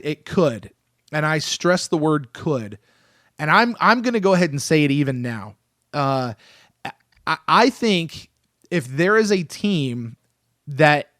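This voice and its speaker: A man in his thirties hosting a casual sports podcast, excitable and animated, often restarting his sentences. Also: on the high side, no room sound, clean studio sound. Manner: excitable, animated, self-interrupting. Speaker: podcast host.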